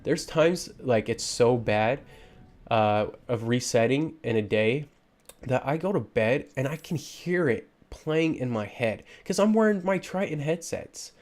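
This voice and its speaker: A man's voice: mid-range voice, expressive, measured pace, darkish tone. A man giving frustrated, ranting commentary over gameplay footage, with lots of fillers and restarts. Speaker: gaming YouTuber.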